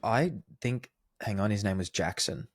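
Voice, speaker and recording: A man co-hosting a podcast, telling stories in a relaxed, conversational way. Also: on the low side, moderate pace. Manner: relaxed, acts out quoted dialogue. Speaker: podcast co-host. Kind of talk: casual conversational storytelling.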